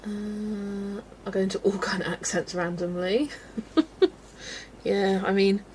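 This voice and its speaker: A woman's voice: mid-range voice, little pitch movement, takes it slowly, darkish tone, a little hiss or hum, poor audio. A woman from England's West Country, chatting casually and laughing often as she reads out viewer comments while colouring on a livestream. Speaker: livestream host.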